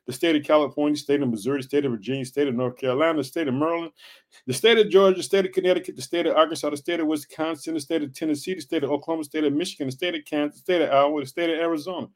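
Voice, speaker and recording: A man's voice: fairly high pitch, steady tone, racing, hardly any pauses. A man from Illinois hosting a faith podcast, preaching in a fervent, repetitive way and calling his listeners family. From Illinois, United States. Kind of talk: encouraging podcast sermon.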